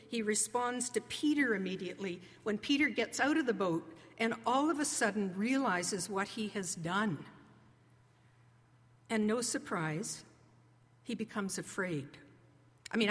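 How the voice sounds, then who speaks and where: A woman preacher giving a sermon in an earnest, conversational way, slowing down to stress key words. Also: on the high side. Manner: earnest, conversational preaching with slow emphatic pauses. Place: church sanctuary. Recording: long reverb of a large hall.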